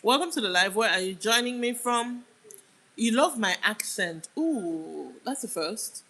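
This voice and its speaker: A woman's voice: a little high, expressive, a little slow, fairly bright tone, rough recording. A young woman from Nigeria with a Nigerian accent, hosting a casual livestream and chatting as she answers viewer comments. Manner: chatty, answers comments aloud, drifts off mid-sentence. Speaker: livestream host.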